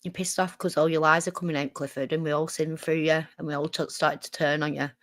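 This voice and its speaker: Woman host reacting to clips, sarcastic and sweary, lowish voice, close dry sound. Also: little pitch movement, quick pace, no room sound. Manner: sarcastic, sweary, talks back at the clip. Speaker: streamer host. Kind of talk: reaction commentary.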